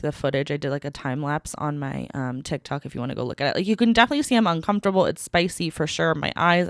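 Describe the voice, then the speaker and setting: A woman's voice: lowish voice, no echo. A young woman hosting a solo podcast, chatting in a rambling casual way with lots of fillers, recorded in a small studio. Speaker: podcast host. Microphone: studio mic.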